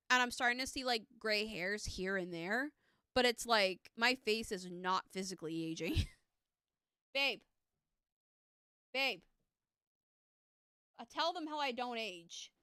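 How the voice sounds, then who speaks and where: A woman's voice: a little high, expressive, slow, long pauses, sharp tone, clean tone, no echo, clean studio sound. A woman in her thirties chatting casually on a live stream as a tarot reader. She rambles and teases herself, with lots of fillers and restarts. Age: 30s. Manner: rambling and self-teasing, with many fillers and restarts.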